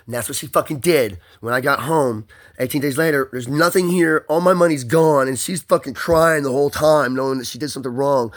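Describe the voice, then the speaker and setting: A man's voice: mid-range voice, moderate pace. A man in an emotional personal monologue, agitated and rambling, swearing often and repeating words as he pushes through strain.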